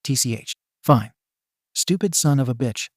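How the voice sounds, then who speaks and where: A man's voice: mid-range voice, animated, normal speed, darkish tone, no room sound, clean studio sound, lightly acted. A man voicing a hot-tempered, foul-mouthed teenage boy who snaps exasperated insults. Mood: irritated.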